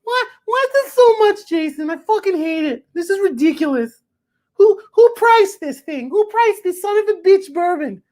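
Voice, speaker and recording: A man putting on a high, shrill voice of his angry middle-aged mother, ranting and swearing. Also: lively intonation, normal speed, a little mellow. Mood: outraged ranting. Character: furious shrieking middle-aged mother, cursing.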